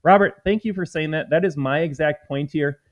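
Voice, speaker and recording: A man's voice: on the high side, moderate pace. A man hosting a live political commentary stream, talking in an emphatic, combative way and calling his viewers folks. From United States. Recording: slightly dull lo-fi stream audio.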